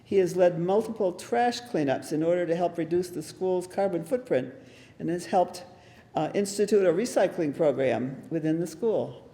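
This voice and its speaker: A man's voice: high-pitched, normal speed. A man acting as emcee, reading award citations at a ceremony. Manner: steady, formal reading. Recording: hall reverb.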